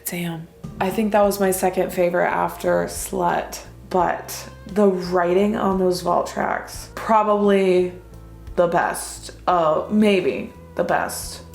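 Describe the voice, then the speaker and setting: A woman's voice: lowish voice, fairly even intonation, takes it slowly, gravelly, a little mellow. A woman with a stuffed-up nose from a cold, chatting casually to camera and gushing enthusiastically as a music reaction vlogger. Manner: gushing, enthusiastic fan talk. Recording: echoey room, faint music behind.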